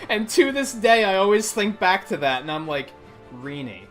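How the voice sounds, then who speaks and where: A man's voice: high voice, big pitch swings, unhurried, fairly bright tone. A man live-streaming a video game, rambling casually and swearing often. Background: faint game music.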